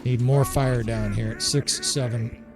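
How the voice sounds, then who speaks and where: A man's voice: mid-range voice, steady tone, unhurried. A man casually commentating his strategy game as he plays, swearing and laughing often and tagging his points with "right?". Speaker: gameplay commentator. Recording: game music playing loudly behind. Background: game soundtrack music.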